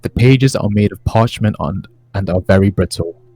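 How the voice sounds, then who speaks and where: Deep-voiced laid-back game master. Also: male voice, normal speed, warm tone, breathy edge, no echo, rough recording. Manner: laid-back, with frequent fillers. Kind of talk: narrating a tabletop game.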